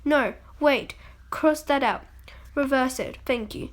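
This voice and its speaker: An eccentric, playful grown man who makes candy, read aloud by a woman. He comes across in a high, light storybook voice and tosses off grand lines quickly.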